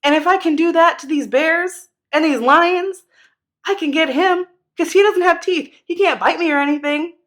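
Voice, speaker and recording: A woman's voice: extremely high pitch, normal speed, a bit bright, pitched above the performer's own voice. A woman voicing a bold, brash young shepherd boy who talks in slangy, cocky, defiant bursts. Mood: boastful.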